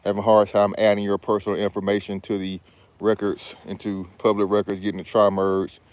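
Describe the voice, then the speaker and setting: This man's voice is fairly low, monotone, and a little fast, with a darkish, clear, resonant tone on a dry recording. A business credit consultant, he chats casually from his backyard hammock in a slangy, meandering vlog, while planes pass over faint outdoor sounds.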